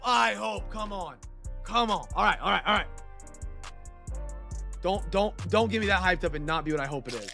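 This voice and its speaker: High, gravelly, excitable man. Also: brisk, soft background music. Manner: excitable, shouting over big pulls. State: stuffed nose. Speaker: card break host. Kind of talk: live card break commentary.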